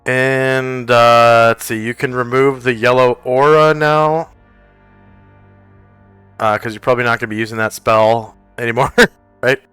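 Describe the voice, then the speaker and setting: A man running a tabletop game as game master, narrating the scene and explaining rules in a casual, halting way full of fillers. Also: medium pitch, steady tone, fairly bright tone, clean tone, no room sound, soft background music.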